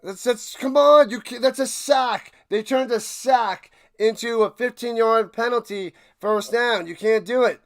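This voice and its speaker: A high-voiced man calls football plays live for his stream's watch party. He rants and repeats himself, jumping from shouted outrage to low grumbling mutters. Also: a little slow, hardly any pauses. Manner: excitable, swings from ranting shouts to low mutters; repeats himself while ranting. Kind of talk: live play-by-play and reaction commentary.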